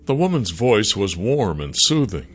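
A man narrating a fantasy story in a calm, measured way. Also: on the low side, soft background music.

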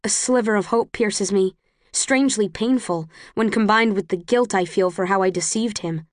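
A woman's voice: mid-range voice, moderate pace, dry recording, clean studio sound. A woman reading a novel aloud in first person, earnest and emotional. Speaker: audiobook narrator.

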